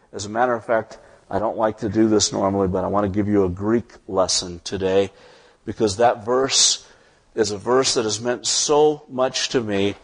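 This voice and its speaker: Man, pastor, sermon, husky, lowish voice, reads scripture, swells to fervent emphasis. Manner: reads scripture aloud, then rises to impassioned emphasis.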